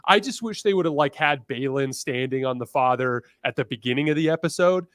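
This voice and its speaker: A man's voice: medium pitch, a little fast, fairly bright tone, no echo, studio quality. A man guesting on a podcast, talking animatedly and acting out quoted characters. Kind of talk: casual podcast chat.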